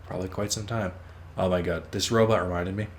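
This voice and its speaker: A low-pitched man chats loosely over his gameplay, drifting from topic to topic, cursing casually and poking fun at his own slip-ups. He is close on a desk mic, with a faint hum of room ambience underneath. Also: fairly even intonation, a little fast. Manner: rambling, swears freely, teases himself. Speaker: let's play host.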